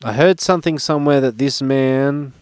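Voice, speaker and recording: A young man talks through a pack-opening in a loose, rambling way, making jokes at his own expense. His voice sits at an ordinary middle pitch. The sound is close and dry, with no room echo. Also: normal speed, darkish tone, clean tone. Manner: rambling, joking, self-mocking. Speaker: card-opening vlogger. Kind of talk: casual unboxing chat.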